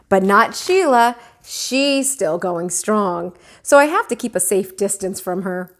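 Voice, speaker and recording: A woman teacher reading a children's book aloud, with expressive, animated storytelling. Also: medium pitch, measured pace.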